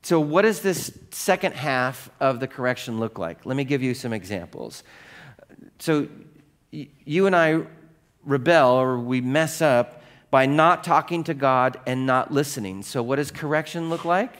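A man's voice: mid-range voice, unhurried, a bit bright. A middle-aged male pastor preaching a sermon to his congregation in a conversational way, asking them questions and acting out the voices in his own stories. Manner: conversational, asks the congregation questions, acts out quoted voices in anecdotes.

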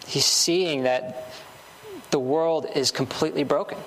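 Preacher, male, slightly high voice, earnest repetitive sermon delivery, faint background hiss. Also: fairly even intonation, unhurried, fairly bright tone. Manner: earnest, building emphasis with short repeated phrases.

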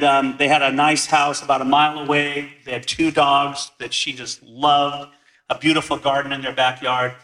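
A man preaching a sermon as a pastor, earnest and measured, slowing down on key words. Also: medium pitch, sharp tone. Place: large church hall. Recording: echoey hall from far off.

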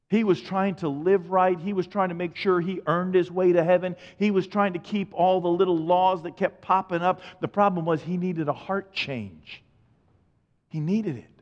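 Male pastor preaching with big dynamic swings, dull lo-fi recording. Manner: dynamic preaching, swinging from quiet and low to loud shouts. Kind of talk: sermon. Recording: dull lo-fi sound with long reverb in a large hall.

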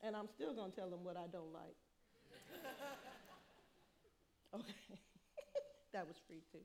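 A middle-aged woman preaching a sermon, lively, laughing often and acting out what people say. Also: fairly low pitch, measured pace, creaky, noisy background.

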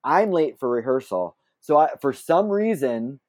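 A man's voice: mid-range voice, very animated, unhurried, darkish tone, no room sound. A man telling a long personal story as an interview guest, chatty and self-deprecating, laughing often and breaking off into asides. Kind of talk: casual anecdotal storytelling.

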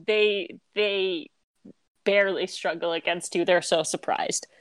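A woman's voice: fairly low pitch, steady tone, unhurried, clear, resonant tone, dry recording. A woman narrating as game master of a tabletop game, casual and laughing often.

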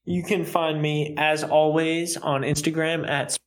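A man co-hosting a casual podcast, talking in an unhurried way with small restarts. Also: fairly high pitch, little pitch movement. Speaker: podcast co-host, cosplayer.

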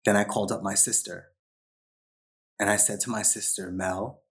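A man with a very low, deep voice tells a personal story as a podcast guest. He talks casually and slips into short quoted lines from the people in his story. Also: steady tone, moderate pace, a bit bright. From New York. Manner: quotes others in short acted asides.

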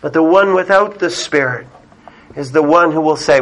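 A man preaching a sermon as pastor, emphatic, moving between loud calls and hushed, low passages. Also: moderate pace, rough recording.

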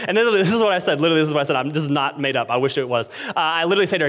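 A man in his thirties preaching a sermon, telling a story with animated swings from loud excitement to quiet intensity. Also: high voice, very fast, few pauses. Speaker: pastor. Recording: long hall reverb.

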